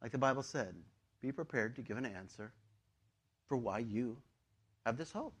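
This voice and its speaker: A man preaching a sermon to his congregation in a conversational, animated way, with frequent fillers. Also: medium pitch, normal speed, breathy edge. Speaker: pastor.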